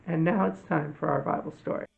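A man hosting a children's church lesson, telling a Bible story slowly and gently to kids. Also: fairly high pitch, fairly even intonation, creaky. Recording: tinny phone-like audio.

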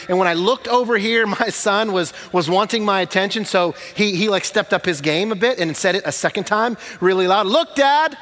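A middle-aged man preaches with a slightly raised pitch. He moves between animated storytelling and quiet, slowed-down emphasis. His voice rings in a long hall reverb. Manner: animated storytelling with sudden hushed, slow emphasis. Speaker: pastor. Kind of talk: sermon.

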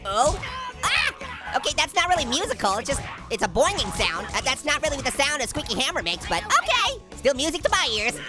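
A woman's voice: high voice, wildly swooping pitch, a little fast, music in the background. A woman hosting a gaming video, giving playful commentary with lots of giggling and puns as she teases the character on screen. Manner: giggly, punning, teasing the game character. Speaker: gaming host. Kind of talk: playful let's-play commentary.

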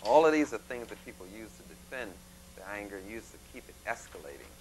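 A man giving a plain, instructive lecture, with folksy images and a halting delivery. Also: on the low side, very animated, rough recording. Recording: faint mains hum.

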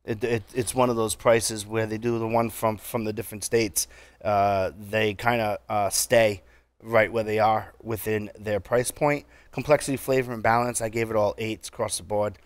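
A man with a New England accent co-hosting a casual chat, relaxed and halting with lots of fillers. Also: fairly low pitch, no echo. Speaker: podcast co-host.

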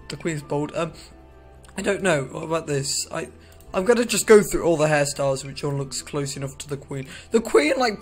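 A man talks through a video game in a loose, rambling way, cracking jokes and breaking off his own sentences. His voice sits a little high for a man, with faint music in the background. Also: a bit bright. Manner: rambling, jokey, self-interrupting. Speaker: gaming video creator. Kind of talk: casual gameplay commentary.

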